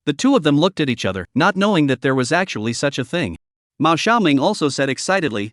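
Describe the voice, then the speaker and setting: A man narrating a scripted story recap in a steady, even reading voice. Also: fairly high pitch, fast talker, no echo, studio quality.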